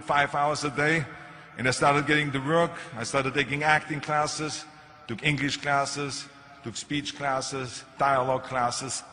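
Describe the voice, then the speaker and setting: An older man with a German accent, giving a motivational speech and telling stories with punchy emphasis. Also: a little high. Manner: animated storytelling with punchy emphasis. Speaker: keynote speaker. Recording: echoey hall, faint music.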